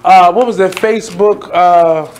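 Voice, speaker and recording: A man's voice: sits high, steady tone, a little slow, crowd noise. A man co-hosting a radio show, chiming in often in laid-back, slangy chat. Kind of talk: casual talk radio chat.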